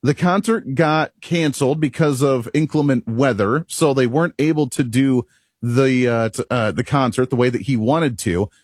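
At a normal speed, a husky-voiced man of medium pitch runs through an opinionated radio monologue. He's emphatic and rhetorical, laughing at himself from time to time, captured without echo in studio-quality sound.

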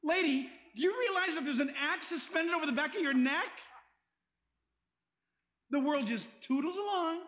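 A male pastor preaches with lively emphasis and quick humor, reading scripture aloud between his points. His voice sits very high for a man. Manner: animated, emphatic, joking, quotes scripture. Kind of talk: sermon.

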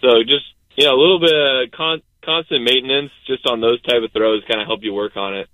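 A young adult man, a baseball pitcher, chatting casually as a guest, rambling with many fillers. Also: brisk, sharp tone, no echo, rough recording. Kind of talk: casual interview chat.

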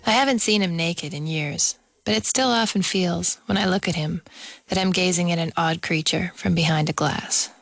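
A woman in her thirties reading her own personal essay about her son in a measured, wry storytelling voice. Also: fairly low pitch, gravelly. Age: 30s.

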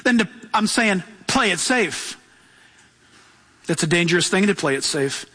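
Pastor guy preaching, high bright voice, long hall echo. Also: animated, unhurried, slightly rough. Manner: emphatic, acts out voices in his telling. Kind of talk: sermon.

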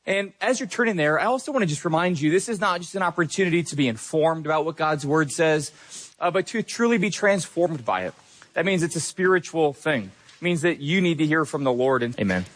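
A man delivers a sermon in a relaxed, conversational way. His voice sits a bit high, and he leans into his points with emphasis between casual asides. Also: fairly quick. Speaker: pastor.

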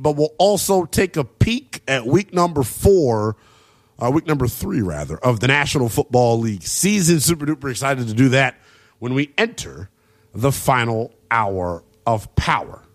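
A man's voice: medium pitch, lively intonation, normal speed. A man hosting a late-night college football radio show, brash and joking as he runs through scores and takes. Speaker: radio sports host. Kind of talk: sports talk radio. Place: radio studio.

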